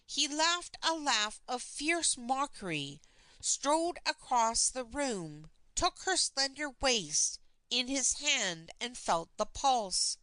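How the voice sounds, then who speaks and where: A woman reads an old novel aloud at a slow, unhurried pace. Her voice sits a bit high and rises and falls freely. It is bright and crisp, close and dry, with no room around it. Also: big pitch swings, no room sound, low-quality recording. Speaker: audiobook narrator. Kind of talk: unabridged novel reading.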